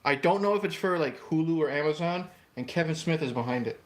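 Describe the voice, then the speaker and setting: A man's voice: fairly high pitch, expressive, fast. A man co-hosting a live stream, chatting casually about movies in a rambling, easygoing way and laughing often. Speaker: co-host of a live stream show.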